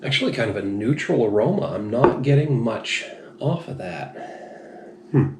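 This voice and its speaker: A man's voice: medium pitch, animated, normal speed, darkish tone. A man reviewing beer in a rambling, frank, self-deprecating way, a little tipsy. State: slightly tipsy. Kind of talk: casual review monologue. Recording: echoey room, faint noise.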